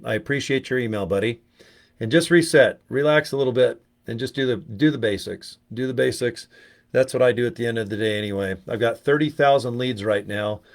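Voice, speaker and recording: Sweary, rambling middle-aged man vlogging. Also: medium pitch. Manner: profane, rambling, animated storytelling. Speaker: network marketing vlogger. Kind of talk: casual talking-head chat.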